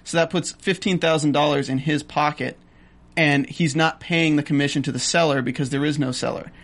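Guy on a tv recap podcast, kinda high voice, laying out the details step by step. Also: fairly even intonation, brisk, fairly bright tone. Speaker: podcast co-host. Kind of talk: casual recap chat.

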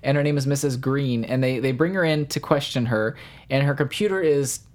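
A man co-hosting a casual chat about a TV episode, animated and quick to act out what characters said. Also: mid-range voice. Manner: animated, acts out characters' lines in quotes. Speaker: podcast co-host.

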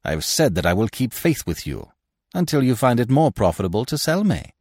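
A man's voice: medium pitch, very animated, brisk, darkish tone, dry recording, clean studio sound, voice pushed up. A man voicing a young male lawyer in hiding who speaks in a cool, sarcastic, mocking way.

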